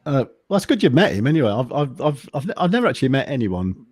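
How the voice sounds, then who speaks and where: A man chatting as a podcast guest, even-toned and understated, with lots of hesitant restarts. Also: mid-range voice, fast, husky, dry recording, studio quality. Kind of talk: casual podcast chat.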